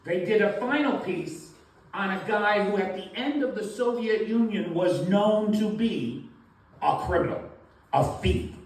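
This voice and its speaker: A male standup comedian tells his jokes deadpan, acting out the people in them as he goes. His voice sits fairly high. It comes from a distance in a heavily echoing club room. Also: a little slow. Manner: deadpan joke telling, acting out quoted voices. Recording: very echoey club room, voice from far off.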